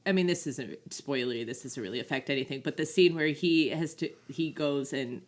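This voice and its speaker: A woman chats casually on a movie podcast, retelling scenes with enthusiasm. Her voice sits notably deep for a woman. She leans heavily on "like" as she talks. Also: a little fast. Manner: chatty, lots of "like", animated retelling of scenes. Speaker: podcast co-host. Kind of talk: casual movie review chat.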